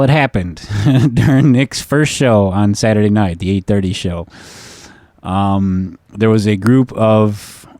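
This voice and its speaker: A man's voice: lowish voice, a little mellow, dry recording, clean studio sound. A man hosting a podcast and telling a story casually, swearing often and filling gaps with "uh.". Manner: profane, rambling, many fillers. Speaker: podcast host.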